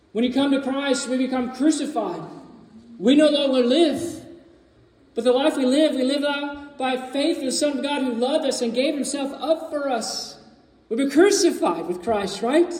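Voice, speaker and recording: A man's voice: very high voice, darkish tone. A man preaching a sermon, earnest and emphatic, repeating key phrases, in a church sanctuary. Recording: echoey hall, mic far from speaker.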